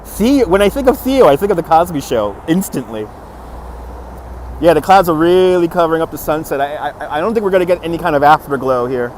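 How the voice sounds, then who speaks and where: A man's voice: a little high, lively intonation, a little fast, darkish tone. A man hosting a live walking stream outdoors on a city street, upbeat and chuckling as he greets viewers by name, recorded on a phone on a gimbal. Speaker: livestream host. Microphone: phone on a handheld gimbal. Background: faint city traffic.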